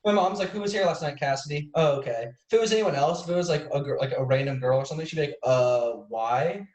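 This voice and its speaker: A man's voice: medium pitch, fast, a little mellow, roomy sound, low-quality recording. A young man from Central Illinois co-hosting a podcast over a video call, telling rambling stories full of swearing and impressions of his parents. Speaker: podcast co-host. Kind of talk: casual chat.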